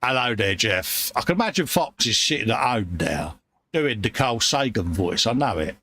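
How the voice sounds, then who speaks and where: A man's voice: fairly low pitch, very animated, normal speed, sharp tone, no room sound. A man hosting a casual livestream, chatty and matey as he reads out viewer messages. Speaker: livestream host reading chat.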